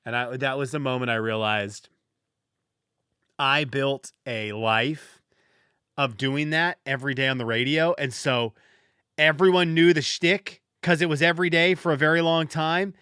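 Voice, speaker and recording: A man's voice: medium pitch, steady tone, a little slow, sharp tone, clear, resonant tone, dry recording. A man hosting a podcast alone, telling stories in a rambling, self-deprecating way with frequent restarts, close to the mic. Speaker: podcast host. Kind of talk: casual solo podcast monologue.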